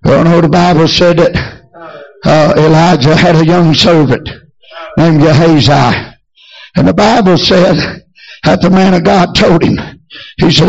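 A man's voice: fairly high pitch, unhurried, creaky, pauses often, muffled recording. A male preacher, delivering a rhythmic revival sermon in a church, chanting "hey" at the start of each phrase.

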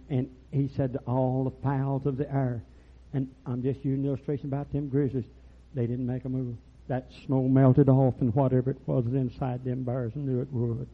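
Older man preaching, husky, folksy storyteller, pitched a bit high, dull lo-fi recording. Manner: folksy storytelling, rising to loud preaching bursts. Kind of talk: rural revival sermon.

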